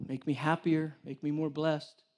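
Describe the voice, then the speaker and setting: Man, preacher, lively storytelling sermon, slightly high voice. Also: moderate pace. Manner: animated storytelling, acts out dialogue, jokes with the congregation. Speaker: church director preaching.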